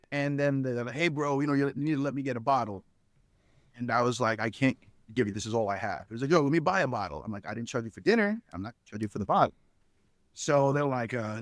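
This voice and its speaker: A man's voice: mid-range voice, no echo, clean studio sound. A middle-aged man, a podcast guest, telling a long anecdote casually, full of fillers and restarts and acting out the people he quotes. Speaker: podcast guest, spirits company founder. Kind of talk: casual storytelling interview.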